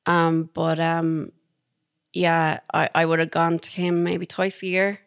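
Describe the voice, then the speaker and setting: An Irish woman, a podcast guest, telling stories in a chatty, animated way, laughing now and then. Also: deep voice, slow, vocal fry, no echo, studio quality. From Ireland. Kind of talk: casual storytelling.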